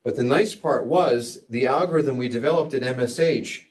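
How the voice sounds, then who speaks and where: A man's voice: medium pitch, moderate pace, a little mellow, far from the mic. Male doctor giving grand rounds, casual and digressive, slightly off-mic in a lecture hall. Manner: conversational, digressive, wry asides. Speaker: physician lecturer.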